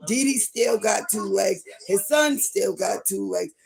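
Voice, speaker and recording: A middle-aged woman gossiping on a livestream in a rambling way, now and then breaking into loud outbursts. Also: mid-range voice, a little slow, vocal fry, soft background music.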